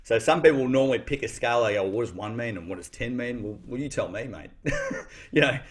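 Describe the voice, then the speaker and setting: A man's voice: medium pitch, fast. A man, a guest on a casual podcast, talking thoughtfully with frequent restarts. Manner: thoughtful, reflective, many restarts.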